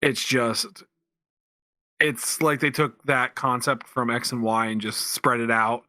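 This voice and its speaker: Bright-voiced man chatting on a podcast. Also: medium pitch, fairly even intonation, takes it slowly, no echo. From Pennsylvania, USA. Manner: rambling, lots of restarts and fillers. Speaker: podcast co-host. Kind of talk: casual chat.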